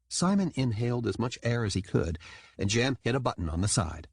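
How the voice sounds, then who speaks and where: A man reading an audiobook in scripted narration, lively and quick to slip into character voices. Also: medium pitch, breathy edge, no room sound, studio quality.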